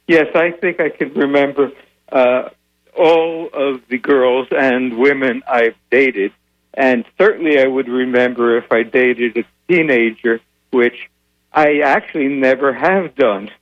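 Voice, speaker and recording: Measured older man on muffled radio. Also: mid-range voice. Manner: measured, many "uh" pauses, dry humor. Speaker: guest, founder of a secular advocacy group. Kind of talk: radio interview answers.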